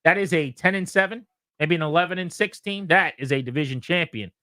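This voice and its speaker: A man's voice: fairly high pitch, brisk, pushed and bright, dry recording. A man hosting sports radio talk, methodically running through players and picks for each team.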